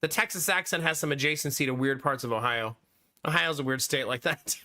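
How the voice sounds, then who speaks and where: A man's voice: mid-range voice, brisk, bright, forceful tone. A man in his thirties chatting casually on a live stream, laughing often and answering chat.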